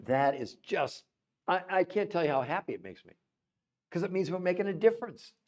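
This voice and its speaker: A man hosting a live stream, chatting with viewers and greeting them by name in an excitable, animated way, laughing often. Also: sits high, brisk, muffled recording. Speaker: livestream host. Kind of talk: enthusiastic live-stream chat.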